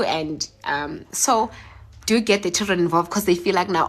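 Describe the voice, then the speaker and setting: A young woman speaks into her phone on a live stream, teary after crying. Her voice sits low, and her talk is earnest and emotional, with halting fillers as she answers viewers.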